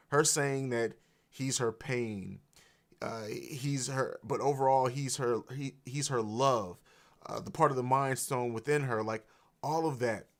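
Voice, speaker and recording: A man with a medium-pitched, slightly bright voice hosts an emotional, unscripted reaction livestream. He swears freely and keeps restarting his sentences, speaking into a streaming mic.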